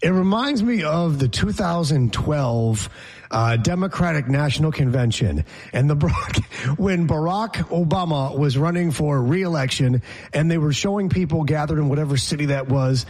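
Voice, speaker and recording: A man co-hosts a podcast in loose, casual chat. His voice sits a little high and sounds husky. He rants bluntly, with a sarcastic edge. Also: animated, normal speed, darkish tone. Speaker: podcast co-host.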